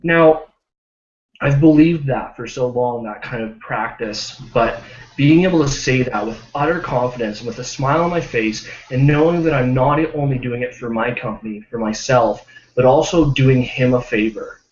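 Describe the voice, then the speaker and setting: A man's voice: medium pitch, moderate pace. A man on a group video call, casually telling a success story and acting out the people in it. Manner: animated, acts out quoted voices. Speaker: team member sharing a success story. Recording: roomy, dull lo-fi video call audio.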